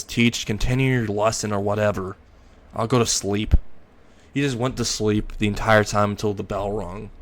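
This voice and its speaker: Rambling male fan-story narrator. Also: fairly low pitch. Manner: rambling, self-correcting.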